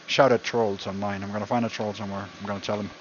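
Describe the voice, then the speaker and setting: A man's voice: lowish voice, little pitch movement, fast talker. Man, casual cooking stream, rambling and jokey, muffled recording, noisy background. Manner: rambling, jokey, repeats himself. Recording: dull lo-fi sound with background noise.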